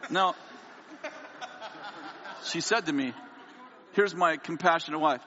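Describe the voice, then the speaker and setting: A man preaching a sermon, telling a candid, self-mocking personal story and quoting people in lively voices. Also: a little high, moderate pace, gravelly, long pauses. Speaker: pastor. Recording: dull lo-fi audio with long hall reverb.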